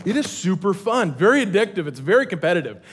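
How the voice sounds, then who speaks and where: A middle-aged man preaching a casual, humorous sermon from a church stage. He is energetic and joking, and often restarts his sentences. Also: high-pitched, fast, slightly rough. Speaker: pastor.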